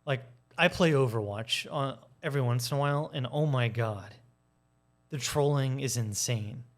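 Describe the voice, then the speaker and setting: A man giving a casual personal monologue, candid and animated, acting out arguments in changing voices and swearing now and then. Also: mid-range voice, moderate pace. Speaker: video essayist.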